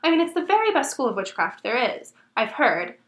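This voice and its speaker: A woman voicing a bossy, know-it-all young schoolgirl witch, talking primly and fast. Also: high voice, sing-song, echoey room. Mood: eager. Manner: prim, rapid, eager.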